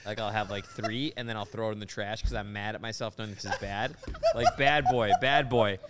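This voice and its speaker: A man's voice: on the low side, fairly even intonation, fast talker, slight background noise. A man hosting a comedy podcast, telling self-mocking stories in casual banter. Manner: sheepish, self-mocking storytelling. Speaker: podcast host.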